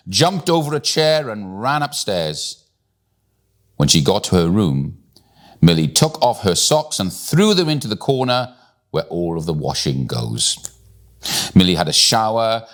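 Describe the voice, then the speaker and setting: A man with a very low voice reads a bedtime story aloud. He takes his time, letting his pitch rise and fall in a lively, expressive way. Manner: expressive, slow and deliberate storytelling.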